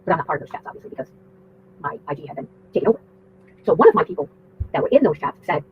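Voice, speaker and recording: Fast-talking woman on a tinny line. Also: mid-range voice, very animated. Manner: rambling, profane, indignant. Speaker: livestreamer. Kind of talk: livestream storytelling rant. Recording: tinny phone-like audio with faint noise.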